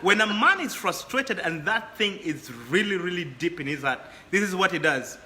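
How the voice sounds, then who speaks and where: Man, guest, high voice, repeats words, echoey room. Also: lively intonation, moderate pace, pushed and bright. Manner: repeats words as he builds his points. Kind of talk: casual chat.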